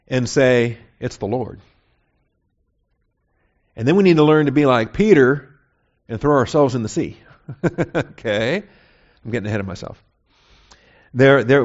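Male pastor, mid-pitched, talky expository sermon full of rhetorical questions; slightly lo-fi recording. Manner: conversational, asks rhetorical questions, frequent "okay?" check-ins. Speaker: pastor teaching a Bible study. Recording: slightly muffled, dull recording.

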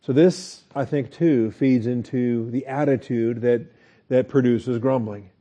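A man teaching a Bible lesson as a pastor, relaxed and folksy, with frequent fillers and chuckles. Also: medium pitch, a little slow.

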